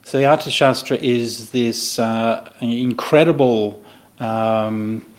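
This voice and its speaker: A man teaching a Buddhist scripture to listeners in a conversational, animated way, often checking in with "right?" and making playful asides. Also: medium pitch, takes it slowly. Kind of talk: dharma talk explaining a scripture.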